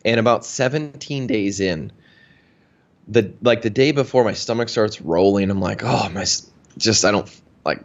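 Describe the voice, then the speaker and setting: A man who works as a health practitioner casually shares a long story from his own life in an interview, talking in a chatty, anecdotal way full of fillers. His voice sits on the low side at a normal speed, and the audio is dull.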